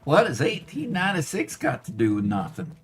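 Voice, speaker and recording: A man hosting a game stream in casual, wry chat. His pitch swings lively up and down as he talks, and he sounds relaxed and easygoing. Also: fairly quick, slightly rough, soft background music. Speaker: streamer host.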